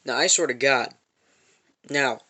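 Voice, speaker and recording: A man's voice: mid-range voice, a little slow, pushed and bright. A man telling an angry, profane story about a confrontation in a parking lot, repeating himself as he goes. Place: parked van.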